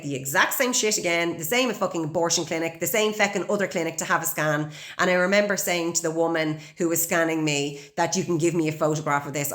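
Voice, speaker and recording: A woman's voice: fairly low pitch, a bit bright. An Irish woman in her forties, hosting a podcast and telling a raw personal story bluntly, with heavy swearing and open emotion. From Ireland. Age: 40s. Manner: blunt and heavily profane. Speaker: podcast host.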